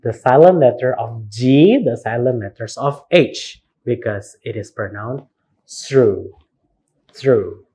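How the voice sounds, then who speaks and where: An Indonesian man giving a recorded university lecture, spelling words out letter by letter and repeating them slowly. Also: mid-range voice, mellow, slightly rough.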